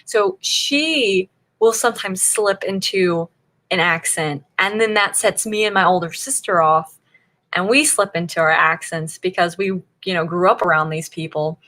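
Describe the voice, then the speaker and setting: A woman on the low side in pitch speaks a little slowly, her tone bright and forceful. She's from Northern Virginia, USA, hosting a writing-sprint livestream where she chats casually and laughs often at the chat.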